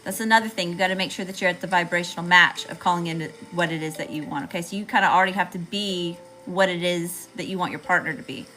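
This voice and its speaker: A woman with a Southern drawl gives a live tarot reading, chatty and loose with slang as she talks straight to her viewers. Her voice is bright and forward. Faint music plays underneath. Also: on the low side, poor audio. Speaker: tarot reader.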